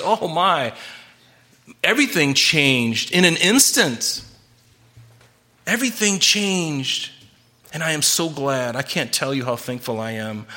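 A man's voice: fairly high pitch, pushed and bright. A man preaching a sermon, earnest and emphatic, with frequent restarts and repeated words. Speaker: pastor.

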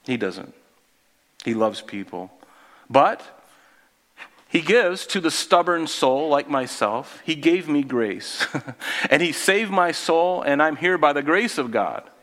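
A male pastor delivers an expressive sermon slowly, with long pauses. He speaks conversationally, posing questions to the congregation and dropping low and quiet for emphasis.

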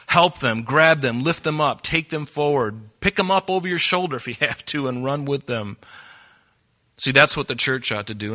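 A pastor preaching an earnest sermon, often repeating words and acting out Bible dialogue. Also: male voice, mid-range voice, bright, forceful tone.

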